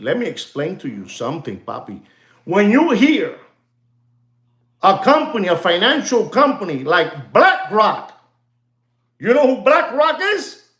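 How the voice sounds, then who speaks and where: A man hosting a live stream, rambling in a teasing, lecturing way, packed with "you know" fillers. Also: sits high. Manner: animated, excitable, constant "you know" fillers. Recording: roomy, echoey room sound.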